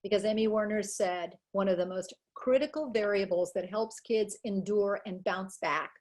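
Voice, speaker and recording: A middle-aged woman presenting a webinar on child psychology, talking energetically in quick bursts and acting out quoted dialogue with life. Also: medium pitch, a little mellow. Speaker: educational psychologist giving a webinar talk.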